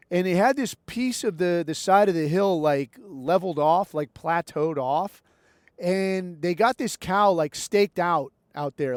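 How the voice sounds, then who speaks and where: Podcast host, male, high-pitched, wry and foul-mouthed storyteller, dry close sound. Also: no echo. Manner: profane, rambling, wry. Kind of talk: casual storytelling monologue.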